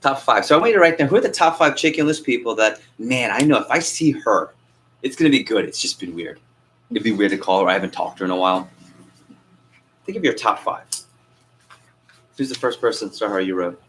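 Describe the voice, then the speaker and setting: A man coaching a sales training class, energetic and quizzing the group with questions. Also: on the low side, brisk, long pauses, slight background noise, rough recording. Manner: energetic, asks the group questions and acts out phone calls.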